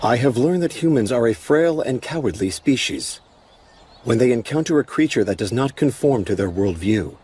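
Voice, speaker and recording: A man voicing a calm, emotionless stone golem lord in an anime English dub, speaking in a measured, flat way. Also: lowish voice, breathy edge. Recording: soundtrack music behind.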